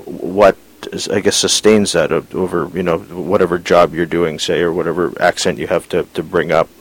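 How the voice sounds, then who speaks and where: A man hosts an internet radio interview. He speaks in a very low voice and asks his questions haltingly, restarting and stammering often. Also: flat delivery, rough recording. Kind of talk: interview conversation.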